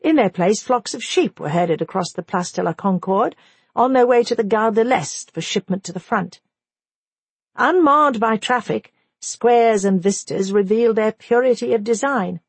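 Woman, audiobook narrator, husky voice, dry close sound, measured reading. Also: on the high side, no room sound. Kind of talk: scripted narration.

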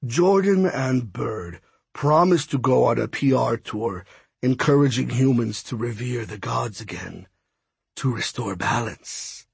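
A man voicing a smug, menacing male god of death, talking in a silky, mocking, pompous way, lower and softer than his reading voice. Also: expressive, unhurried, vocal fry, breathy edge, dry recording, full character voice.

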